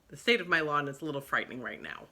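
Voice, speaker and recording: A woman's voice: sits low, sharp tone, husky. A middle-aged woman chatting casually about books, rambling and going off on tangents. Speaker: book vlogger. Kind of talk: casual book chat.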